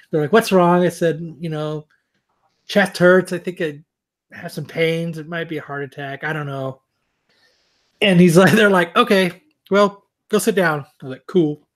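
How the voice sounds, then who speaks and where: A man co-hosting a podcast, telling a long story in a casual, animated, self-mocking way, with plenty of swearing. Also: a little high. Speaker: podcast co-host.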